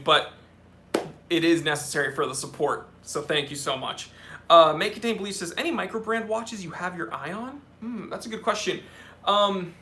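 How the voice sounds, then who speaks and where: Bright-voiced man hosting a live Q&A. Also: on the high side, a little hiss or hum. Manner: chatty, answers questions off the cuff, talks to his cats. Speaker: watch channel host. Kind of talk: live-stream Q&A reading viewer comments.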